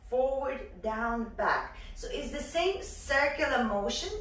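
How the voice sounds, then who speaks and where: A young woman teaching a dance lesson in an upbeat way, counting the beats out loud. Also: fairly high pitch, slow pace. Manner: lively, counts beats aloud. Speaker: dance instructor. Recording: echoey room from far off.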